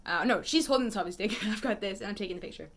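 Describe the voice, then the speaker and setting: A woman photographer telling stories in a casual vlog, animated and wry, with lots of "like" fillers. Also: mid-range voice, rapid-fire. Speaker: photographer and vlogger.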